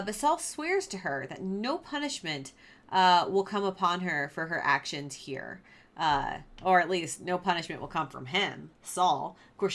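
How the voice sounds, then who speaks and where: A woman's voice: fairly low pitch, fairly bright tone. A young woman who teaches a casual Bible lesson in a chatty way, with lots of fillers, and who reads scripture aloud. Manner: chatty, filler-heavy, laughs at the story.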